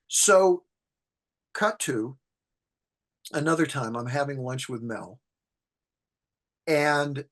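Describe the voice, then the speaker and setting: A man's voice: medium pitch, measured pace, pauses often. Man telling stories in an interview. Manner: relaxed anecdotal storyteller who acts out quotes. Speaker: guest, screenwriter and horror film expert. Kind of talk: storytelling in an interview.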